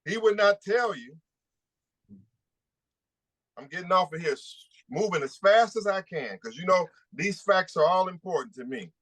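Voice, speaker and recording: A man's voice: sits high, expressive, moderate pace, long pauses, fairly bright tone. A man, an attorney hosting a press conference, speaking emphatically and repeating rhetorical questions.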